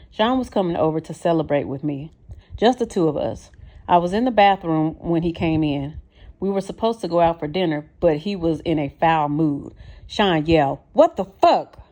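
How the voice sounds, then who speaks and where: A woman's voice: deep voice, mellow. A woman narrating a first-person memoir audiobook in a plain, earnest way.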